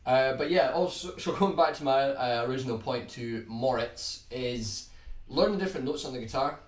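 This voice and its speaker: A young Scottish man with a toned-down accent, chatting casually to viewers on his guitar livestream in a relaxed, rambling way, often restarting his words. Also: mid-range voice, normal speed, recorded from a distance. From Scotland. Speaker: guitar YouTuber hosting a livestream. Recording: roomy sound from off the mic, faint background hiss.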